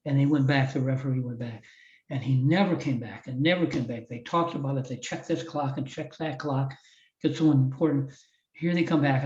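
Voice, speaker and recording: A slightly mellow, mid-range male voice belongs to a podcast guest: an older Iowa native, former wrestling champ, and motivational speaker. He recounts a heartfelt story with many restarts, captured in roomy, faraway, somewhat dull audio.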